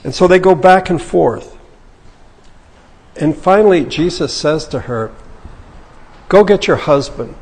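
A man preaching a sermon, retelling scripture in a relaxed, conversational way. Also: a little high, unhurried, long pauses, slightly rough, long reverb tail. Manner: conversational, paraphrasing scripture in casual speech. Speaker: pastor.

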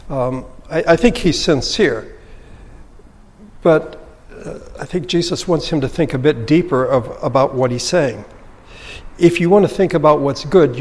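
A man teaches a Bible passage in a calm, measured lecture style. His voice sits at a middle pitch and carries a long reverb from a large room. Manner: thoughtful, measured, with occasional restarts.

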